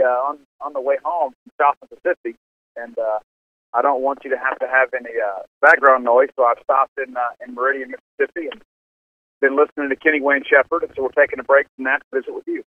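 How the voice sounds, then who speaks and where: A man, a reporter guest calling in from a parked car, talking quickly with frequent fillers. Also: medium pitch, steady tone, no echo. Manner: quick, halting with many fillers. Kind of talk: phone-in interview. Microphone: phone. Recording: tinny phone line.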